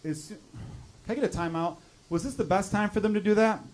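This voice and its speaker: A man in his thirties from Chicago doing stand-up crowd work in a comedy club, riffing and swearing in an animated way. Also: high voice, brisk, slight background noise. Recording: live club audience laughter. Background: crowd laughing.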